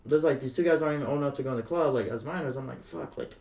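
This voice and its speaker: A man's voice: medium pitch, rapid-fire, roomy sound. A man telling a wild story on a casual podcast, swearing often and acting out the quotes. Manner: animated, swearing, acts out quotes. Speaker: podcast guest.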